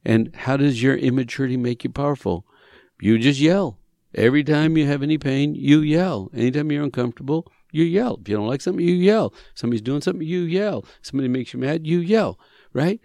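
Speaking a little fast in a fairly high voice, a men's retreat counselor explains his ideas on a talk show, lively and conversational. He plays out short exchanges, lifts his emphasis and drives points home through repetition. The recording is clean studio audio with no room sound.

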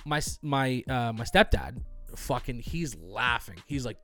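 A young man co-hosting a podcast, telling a story in animated, casual chat, swearing freely and acting out other people's lines. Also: mid-range voice, unhurried, soft background music. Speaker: podcast co-host.

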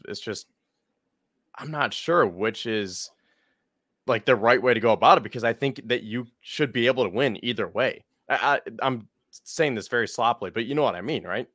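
A man's voice: medium pitch, a bit bright, no room sound, clean studio sound. A man co-hosting a sports podcast, rambling a bit as he reads off team stats. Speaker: podcast co-host. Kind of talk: casual sports podcast chat.

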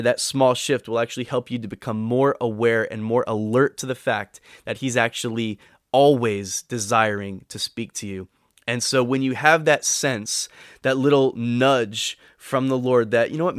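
A man's voice: medium pitch, dry recording, studio quality. A man giving devotional teaching in an earnest, encouraging way, sometimes acting out the voices he quotes. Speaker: podcast teacher.

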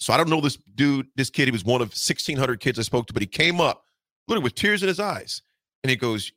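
Fast-talking, bright-voiced radio man. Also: medium pitch, expressive, no echo. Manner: earnest, heartfelt plea to listeners. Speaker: radio show co-host. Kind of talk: morning radio talk.

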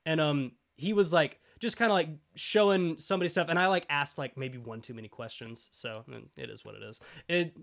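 A man's voice: on the high side, fairly quick, creaky, hardly any pauses, fairly bright tone. Rambling young man telling stories. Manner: rambling storyteller, many fillers and laughs. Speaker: podcast co-host. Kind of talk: casual chat.

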